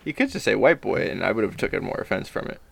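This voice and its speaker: A man's voice: lowish voice, sing-song, fast, gravelly, fairly bright tone. A young man co-hosting a podcast, teasing and joking in casual banter. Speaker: podcast co-host.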